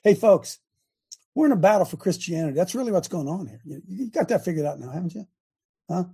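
Gravelly-voiced man preaching to viewers. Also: high voice, fast. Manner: animated, talks straight to viewers with repeated questions; restarts and stumbles often. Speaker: host of an online faith show. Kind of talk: casual preaching to a live online audience.

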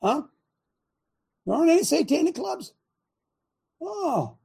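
A middle-aged man hosting a talk show, delivering a sarcastic, impassioned rant in a preaching style, swinging between shouting and muttering. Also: very high-pitched, very animated, slow, vocal fry. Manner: sarcastic, mocking.

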